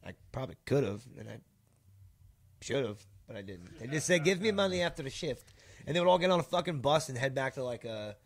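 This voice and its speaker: A man's voice: mid-range voice, animated, brisk. A young man hosting a podcast in casual chat, rambling and cursing, his sentences full of fillers and restarts. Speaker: podcast host.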